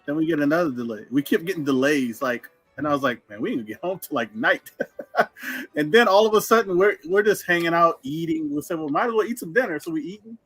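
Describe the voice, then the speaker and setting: A man's voice: on the high side, expressive, fast, fairly bright tone, breathy edge, faint music behind, low-quality recording. A man co-hosting a live stream, telling a story in an easygoing way and laughing often.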